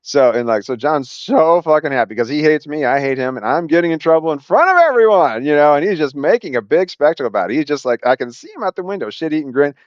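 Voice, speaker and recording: A man telling a personal story at a quick clip, with many restarts and acted-out quotes. His voice sits in a middle register. The recording is dry and a little dull, like a lo-fi room mic. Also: a little high, no room sound. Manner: rambling, animated retelling with acted quotes and frequent restarts. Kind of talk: casual spoken anecdote.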